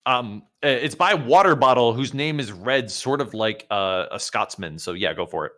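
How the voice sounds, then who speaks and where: A man's voice: mid-range voice, animated, moderate pace, sharp tone. A young man co-hosting a casual stream, joking and rambling with many restarts. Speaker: streamer co-host.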